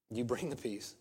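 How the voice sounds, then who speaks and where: A man's voice: medium pitch, husky, in a large hall. A pastor preaching a sermon in a conversational way, asking rhetorical questions and restarting his sentences.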